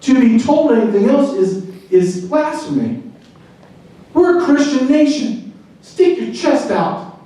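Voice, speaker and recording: A man's voice: very high voice, lively intonation, slow pace, long pauses. Middle-aged guy preaching hard at a club, big echoey hall sound, mic far off. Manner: fervent, preaching, swings loud and quiet. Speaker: retired border agent giving a speech. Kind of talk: impassioned speech to a club.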